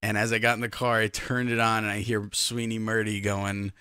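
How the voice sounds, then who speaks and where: A man's voice: fairly low pitch, level tone, a little fast, bright, forceful tone, smooth, dry recording, studio quality. Emphatic man hosting a podcast. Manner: emphatic, talks straight to listeners. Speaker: podcast host. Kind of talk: casual chat.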